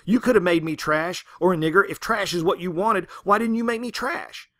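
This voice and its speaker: A man voicing a self-righteous Southern farm woman who rants and shouts at God, read aloud in a lecture. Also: mid-range voice, brisk, no room sound. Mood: indignant.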